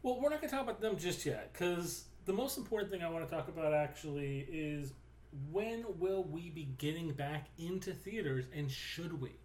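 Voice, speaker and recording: A man hosting a podcast in casual chat, relaxed and prone to trailing off and restarting. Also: on the high side, moderate pace. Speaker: podcast host. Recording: roomy echo.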